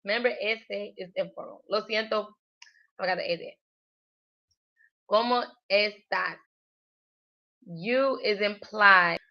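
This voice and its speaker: A woman's voice: medium pitch, a little slow, pauses often, highs cut off. A woman livestreaming her language study, thinking aloud hesitantly with many fillers. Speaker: language learner.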